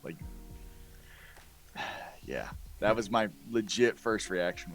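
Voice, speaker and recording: A man's voice: fairly low pitch, animated, slow, long pauses, faint music behind. A man chatting as a guest, rambling with lots of fillers. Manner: rambling, filler-heavy, laughing easily. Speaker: guest player. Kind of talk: casual podcast chat.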